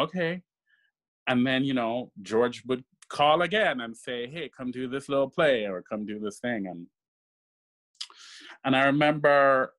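A man, a stage actor, telling stories in a casual interview and acting out the voices of people he quotes. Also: medium pitch. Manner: animated, acts out quoted voices. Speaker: guest actor.

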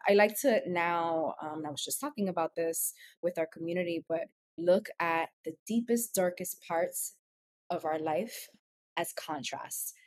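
A woman's voice: fairly low pitch, unhurried. A woman in her thirties, co-hosting a podcast, talking in a heartfelt, emotional, rambling way with many fillers. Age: 30s. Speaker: podcast co-host. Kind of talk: casual chat.

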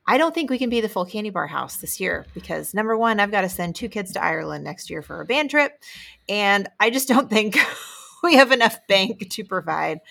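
Woman, podcast co-host, casual chat, strong vocal fry, lowish voice. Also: fairly bright tone. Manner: chatty, laughs between thoughts.

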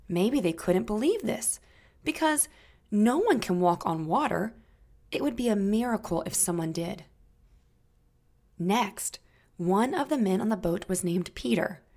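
A woman narrating a Bible story for young children, gentle and inviting the listeners to join in. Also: medium pitch, animated, a little slow.

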